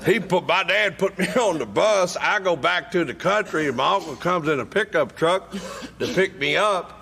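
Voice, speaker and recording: A man telling a wry, deadpan story from his own life at a recovery meeting. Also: high-pitched, normal speed, gravelly, slight background noise. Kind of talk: humorous personal storytelling.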